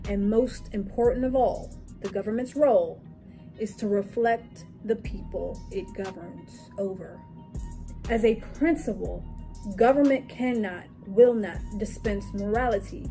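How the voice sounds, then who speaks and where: A woman's voice: mid-range voice, unhurried, warm tone, faint music behind. A woman giving an explanatory commentary monologue, lecturing with rhetorical questions and emphatic lists. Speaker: political commentary vlogger.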